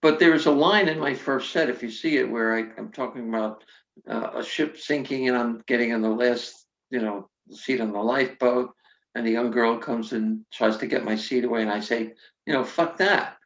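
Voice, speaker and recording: An older woman comedian tells lively stories in an interview, slipping into the voices of the people she quotes and swearing bluntly. Her voice sits in an echoey space and sounds a little muffled and dull. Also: extremely low pitch, normal speed. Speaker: guest comedian. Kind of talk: casual interview storytelling.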